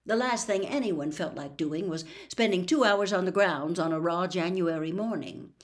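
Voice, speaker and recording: Woman, audiobook narration, storybook, measured, expressive, lowish voice. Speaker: audiobook reader.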